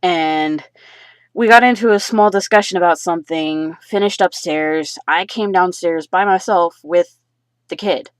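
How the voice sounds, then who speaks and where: A woman's voice: lowish voice, no echo. A woman vlogger venting a personal story in a rambling, agitated, profane way.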